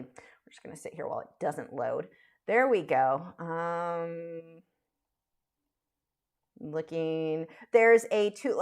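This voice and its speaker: A woman chatting casually while teaching a live drawing stream, frank and talkative, with frequent fillers and restarts. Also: fairly low pitch. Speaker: art instructor streaming live.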